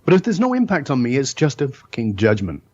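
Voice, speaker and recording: A man's voice: medium pitch, wildly swooping pitch, brisk, a little mellow, muffled recording. A middle-aged man telling stories as a podcast guest, emphatic and blunt, with the occasional curse word. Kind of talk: storytelling in a podcast interview.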